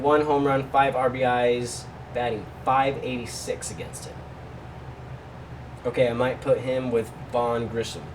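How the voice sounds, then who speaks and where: A man's voice: medium pitch, recorded from a distance, background noise. A man hosting a casual betting picks vlog, talking loosely with jokey asides to his viewers. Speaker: sports betting host.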